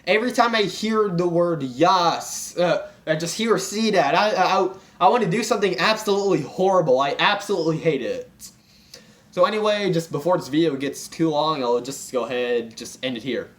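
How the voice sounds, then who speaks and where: A young man with a high voice rants for comedy, sounding exasperated as he piles up fillers and false starts. His talk is casual and self-interrupting. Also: moderate pace. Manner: exasperated, full of fillers and restarts. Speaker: commentary vlogger. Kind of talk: comedic rant.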